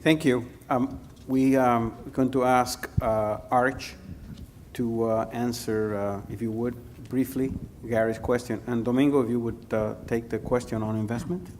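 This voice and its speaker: Halting man moderating a panel. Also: mid-range voice, steady tone, darkish tone, a little hiss or hum. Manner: halting, many uh pauses.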